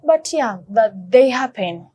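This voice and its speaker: A woman's voice: on the high side, lively intonation, slow pace, warm tone, husky. A woman speaks earnestly as an interview guest, often repeating words while she searches for what to say next. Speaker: guest talking about her husband's illness. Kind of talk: emotional interview talk.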